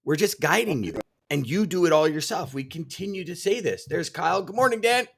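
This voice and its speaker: A man's voice: on the high side, animated, brisk, creaky, slightly rough. A man co-hosting a live sales show, reading viewer comments aloud and cheering them on with enthusiasm. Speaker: podcast co-host.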